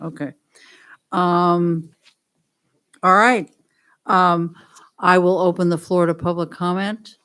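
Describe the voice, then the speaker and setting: Lady running a school board meeting, talks real slow, bit low, lots of ums. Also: fairly even intonation, a bit bright, smooth. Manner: slow, halting, with frequent ums.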